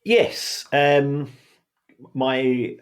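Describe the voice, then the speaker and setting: A man's voice: medium pitch, drawn-out words. A man co-hosting a podcast as the football finance expert, explaining in a casual, hesitant way and often repeating words.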